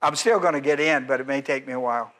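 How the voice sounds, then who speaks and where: A male pastor preaching an expository sermon, animated and quizzing his congregation, sometimes dropping to a soft low voice for emphasis. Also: fast.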